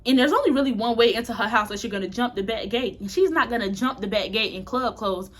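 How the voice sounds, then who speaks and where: A woman's voice: on the high side, fast, fairly bright tone. A young woman vlogger telling a loose, frank story in casual chat, swearing freely as she goes. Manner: chatty, frank, laces story with profanity; talks a bit tipsy and loose.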